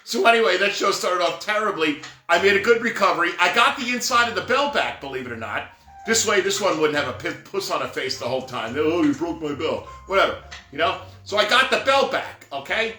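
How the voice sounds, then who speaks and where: Middle-aged guy spinning santa stories, bright high voice, echoey room, faint music. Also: a little fast. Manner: rambling, animated, full of asides like "right?" and "whatever". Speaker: professional Santa performer telling stories. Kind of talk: casual storytelling monologue. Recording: roomy echo with faint music behind.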